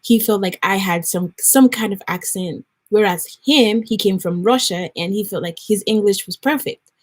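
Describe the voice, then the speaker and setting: A Nigerian woman in her twenties tells a personal story for her vlog, earnest and conversational, rambling with plenty of fillers. Her voice is mid-range at a moderate pace.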